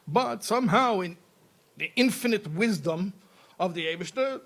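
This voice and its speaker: A rabbi giving an animated Torah lecture, telling a parable and often repeating words as he restarts. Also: high voice, normal speed. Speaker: rabbi teaching.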